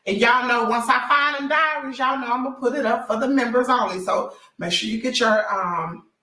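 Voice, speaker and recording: Hoarse chatty woman livestreaming gossip. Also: a little high, fairly quick, bright, forceful tone, echoey room, far from the mic. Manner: chatty, addresses viewers directly as y'all. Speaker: celebrity gossip livestream host. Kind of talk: casual livestream chat.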